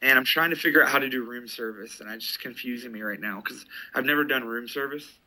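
Bright-voiced man in casual chat. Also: mid-range voice, fast. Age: 30s. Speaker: podcast co-host.

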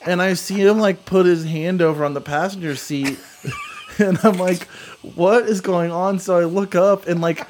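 A man's voice: high voice, moderate pace, darkish tone, slight background noise. Rambling young man telling a story. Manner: rambling, lots of "like" and fillers. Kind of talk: casual storytelling chat.

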